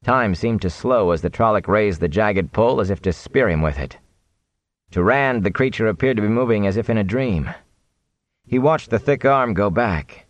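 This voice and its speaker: A man reading a fantasy novel aloud in animated, expressive audiobook narration. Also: lowish voice, normal speed, no echo, muffled recording.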